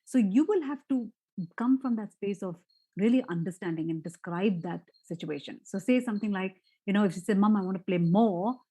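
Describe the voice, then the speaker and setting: Animated woman coaching parents. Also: mid-range voice, brisk, slightly rough, low-quality recording. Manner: animated, acts out parent and child quotes; asks the audience rhetorical questions. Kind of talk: online parenting talk.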